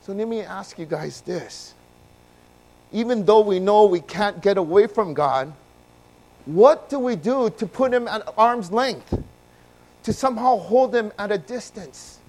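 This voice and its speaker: A man preaching a sermon, moving from quiet, low passages to loud, emphatic ones and asking his listeners questions. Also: lively intonation, unhurried. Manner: swings from soft and low to loud and emphatic, asks the congregation questions. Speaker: pastor.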